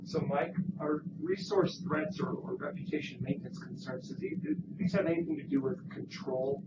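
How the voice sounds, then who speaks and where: A man's voice: a little high, moderate pace. Echoey distant man asking a question. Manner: thoughtful, referencing literature. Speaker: faculty audience member. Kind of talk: academic Q&A question. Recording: echoey, distant, lo-fi, noisy room.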